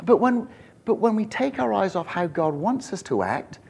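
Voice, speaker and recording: A man preaching a conversational sermon in a church, joking and animated, with self-deprecating asides. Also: high voice, normal speed, creaky, slight background noise. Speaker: pastor.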